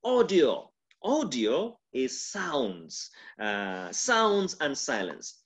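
A man with a Kenyan accent, a pastor giving a mentorship lecture on communication, demonstrative and full of pauses and shifts in volume. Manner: lively, demonstrative, shifts volume and pitch to illustrate.

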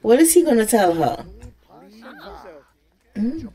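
A young woman giving casual, excitable let's-play commentary, scolding the characters on screen and often laughing. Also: on the high side, slow. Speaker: gaming content creator.

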